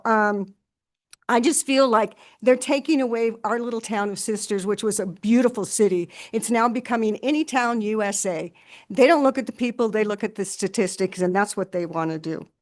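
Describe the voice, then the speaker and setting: An older retired woman giving an impassioned, frustrated public comment at a meeting, halting and restarting as she speaks. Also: medium pitch.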